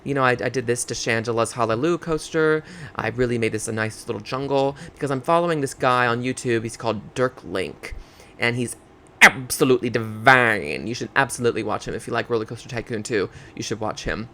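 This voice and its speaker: A man's voice: mid-range voice, a little fast, bright, forceful tone, a little hiss or hum. A man giving casual, campy commentary over game footage, chatty and rambling, with drag slang and lots of fillers. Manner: rambling with fillers and self-checks. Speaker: game video creator.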